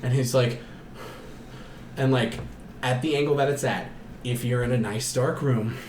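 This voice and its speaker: A man co-hosting a podcast, recapping a horror film in a casual, animated way, acting out the characters with gasps and shouts and swearing often. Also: mid-range voice, a little slow, echoey room, slight background noise. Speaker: podcast co-host.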